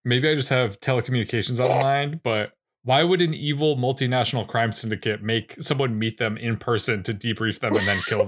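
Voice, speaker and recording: A man in the middle pitch range co-hosts a casual podcast about a TV series. He talks in a dry, wry way, quibbling over plot logic with deadpan questions. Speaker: podcast co-host. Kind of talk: casual chat recapping a TV episode.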